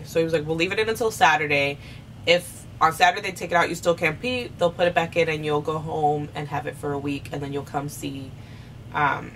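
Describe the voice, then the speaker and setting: Chatty young woman, low voice. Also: recorded from a distance, slight background noise. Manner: animated, acts out quotes with sharp high pitch jumps; chatty, many fillers like "you know" and "like". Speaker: vlogger telling her birth story. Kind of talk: casual storytelling.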